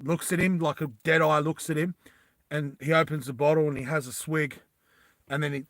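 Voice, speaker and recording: A man narrating a tabletop game as game master, in an animated, rambling storytelling style. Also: on the high side, normal speed, no echo.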